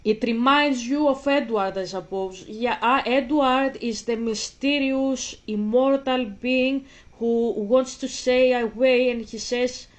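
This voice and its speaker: A woman's voice: a little high, takes it slowly, hardly any pauses. A woman vlogging in a casual way, reading passages aloud, then breaking off to question and argue, hesitant and searching. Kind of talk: casual vlog commentary.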